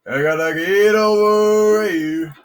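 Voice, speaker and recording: A man commenting casually on his own gameplay, frustrated, with sudden excited outbursts and shouts. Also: high voice, slow pace, faint music behind. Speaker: gamer.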